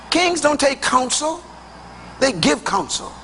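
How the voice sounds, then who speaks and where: A man's voice: high-pitched, expressive, moderate pace, sharp tone, a little hiss or hum. A man preaching a sermon to a congregation, emphatic and rhythmic in his delivery and loose and colloquial in his phrasing.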